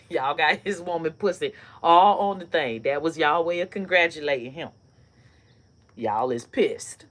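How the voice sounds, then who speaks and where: A woman hosting a casual comedy live stream, telling stories and ranting in a loose, profane, animated way with bursts of laughter. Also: sits low, measured pace, long pauses. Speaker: online comedy host.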